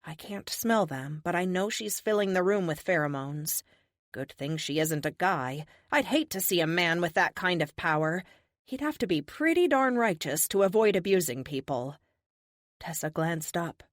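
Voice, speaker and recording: A woman narrating a first-person audiobook in an expressive, animated way. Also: fairly low pitch, no echo, clean studio sound.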